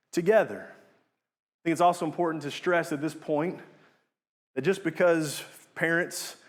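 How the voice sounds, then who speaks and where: A young man preaching a sermon in an earnest manner, rising to emphatic peaks and dropping low on key words.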